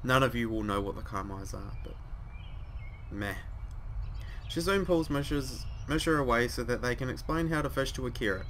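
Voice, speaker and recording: Joking young New gamer. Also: male voice, mid-range voice, animated, moderate pace, a bit bright, a little hiss or hum. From New Zealand. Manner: joking, sweary, rambling asides. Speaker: let's play host. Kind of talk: reading a visual novel aloud with casual commentary.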